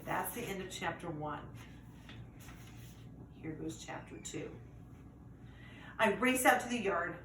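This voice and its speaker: A woman reading a chapter book aloud to children in a lively way, pausing to ask the listeners questions. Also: lowish voice. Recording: roomy echo, distant mic, faint noise.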